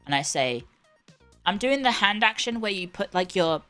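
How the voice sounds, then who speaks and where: A woman's voice: fairly low pitch, moderate pace, a bit bright, soft background music. A woman with a British accent, livestreaming and chatting casually in a sarcastic, bantering, rambling way. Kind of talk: casual chat.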